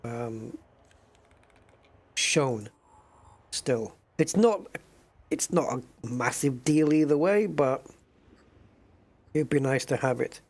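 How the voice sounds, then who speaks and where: This mid-range male voice is animated yet slow, with long pauses. Playing a space game at his home desk with a joystick, the streamer chats casually with viewers he calls "guys," thinking out loud and humming to himself as he waits.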